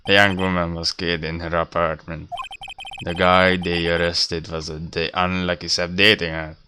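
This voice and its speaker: A man's voice: deep voice, flat delivery, normal speed, sharp tone, a little hiss or hum. A man voicing a nervous, earnest young male defense lawyer.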